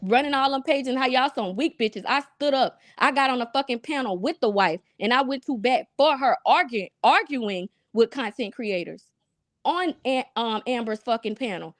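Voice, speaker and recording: A woman's voice: on the high side, expressive, moderate pace, a bit bright, no room sound, studio quality. A woman speaking on a live online panel, blunt and emphatic, swearing freely. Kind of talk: heated casual panel chat.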